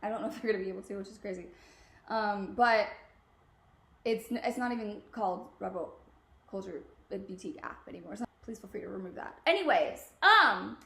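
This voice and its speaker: A woman's voice: medium pitch, lively intonation, brisk, gravelly, pushed and bright. A young woman in her twenties hosting a casual podcast from home, chatty and bubbly, swearing and laughing freely. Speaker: podcast host. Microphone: podcast mic. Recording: echoey room.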